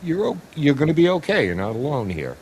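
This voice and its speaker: A man hosting a podcast, chatting casually and telling stories with a teasing, animated manner. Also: on the high side, fast, a little hiss or hum. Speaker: podcast host. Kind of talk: casual chat.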